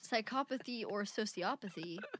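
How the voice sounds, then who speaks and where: A woman's voice: medium pitch, normal speed, a bit bright, no room sound, clean studio sound. A woman co-hosting a casual podcast chat, blunt with joking asides. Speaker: podcast co-host.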